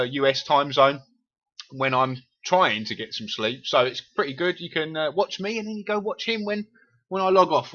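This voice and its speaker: A man's voice: medium pitch, a bit bright, muffled recording. A man from East London with a Cockney accent, chatting casually and swearing freely with viewers while streaming a game. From England.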